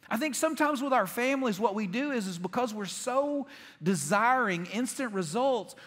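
A man with a high, bright-toned voice preaches in a joking, chatty storytelling way. His voice rings with the long reverb of a large church hall, and he keeps things light and self-mocking. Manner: jokey, conversational storytelling. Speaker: pastor. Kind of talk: humorous sermon. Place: church auditorium.

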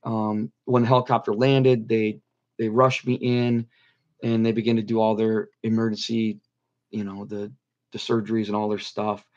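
A man's voice: lowish voice, little pitch movement, moderate pace, a little mellow, dull audio. A middle-aged man earnestly telling a personal story as an interview guest, repeating phrases for emphasis. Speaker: guest telling his near-death story.

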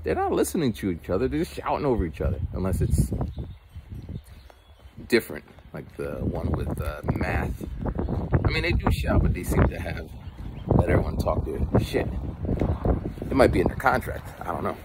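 A man's voice: low voice, sing-song, normal speed, long pauses, heavy background noise. A man talking outdoors in the cold in a casual, rambling monologue, often repeating words. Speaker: vlogger.

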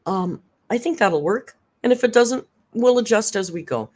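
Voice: medium pitch, animated, moderate pace, a little mellow. A tired live-stream host chatting casually, thanking viewers and reading their messages aloud. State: tired, worn down by caregiving.

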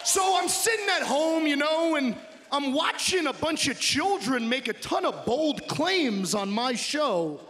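Shouting high-voiced man in an echoing arena. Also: very animated, a little slow, a little hiss or hum. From Long Island, New York. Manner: boastful, mocking trash talk. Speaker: pro wrestler. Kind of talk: shouted wrestling promo. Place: large indoor arena. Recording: echoey arena hall with loud crowd.

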